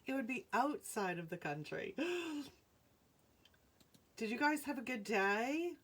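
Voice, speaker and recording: A woman's voice: a little high, animated, a little slow. A woman with a Rhode Island accent hosting a live jewelry sale from home, chatty, greeting viewers by name and laughing often. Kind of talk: casual live-stream selling chat.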